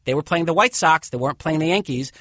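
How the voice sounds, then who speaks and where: A man from Massachusetts telling an animated, self-mocking story as an interview subject. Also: a little high, quick pace, no echo.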